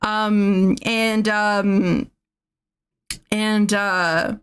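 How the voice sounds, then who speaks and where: A woman's voice: medium pitch, steady tone, drawn-out words, clear, resonant tone. A woman streamer casually recapping a movie plot, rambling with restarts, swearing and laughing at her own jokes.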